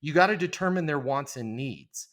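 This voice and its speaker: A man's voice: a little high, animated, moderate pace, a bit bright. A middle-aged man, a guest on a podcast interview, talking emphatically and acting out phone greetings in quoted voices. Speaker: leasing trainer, podcast guest. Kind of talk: energetic podcast interview talk.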